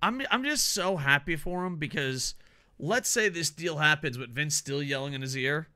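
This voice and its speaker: Jokey podcast guy chatting, laughs a lot, kinda high bright voice. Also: normal speed. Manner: animated, laughs often, jokey impressions. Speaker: podcast co-host. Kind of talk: casual wrestling podcast chat.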